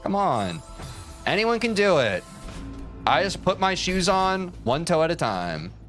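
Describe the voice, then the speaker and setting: Guy streaming a game, bright voice, goofy rambling to chat, bit of music behind. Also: on the high side. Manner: jokey, rambling, self-mocking, talks to chat. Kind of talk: casual live-stream commentary while playing.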